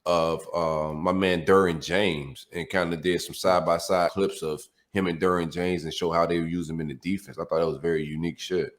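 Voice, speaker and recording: A man's voice: sits low, fairly even intonation, fairly quick, hardly any pauses. A man, a former player guesting on a sports podcast, talking in loose, slangy banter. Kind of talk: casual sports podcast chat.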